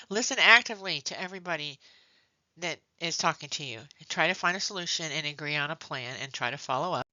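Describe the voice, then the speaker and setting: A woman's voice: deep voice, pushed and bright, no room sound. A woman nursing instructor giving a conversational classroom lecture, often checking in with "okay?" and telling stories from work. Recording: dull muffled lecture recording.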